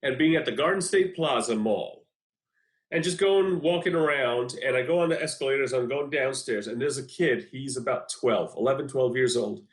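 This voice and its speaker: A man's voice: medium pitch, normal speed. Laughing man in an echoey room. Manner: laughs often, profane, acts out quotes. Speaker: podcast host. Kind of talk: casual podcast chat. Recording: roomy echo.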